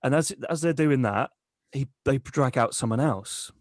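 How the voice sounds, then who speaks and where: A man co-hosting a comedy podcast, telling a crude, deadpan tall tale. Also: medium pitch, moderate pace, no echo, clean studio sound. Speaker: podcast co-host. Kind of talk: comic storytelling.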